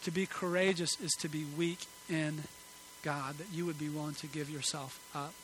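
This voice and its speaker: Earnest, bright-voiced male preacher. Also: on the high side, fairly even intonation, normal speed, a little hiss or hum, low-quality recording. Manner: earnest, emphatic preaching that drops to soft pleading. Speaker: pastor. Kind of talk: sermon. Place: church sanctuary.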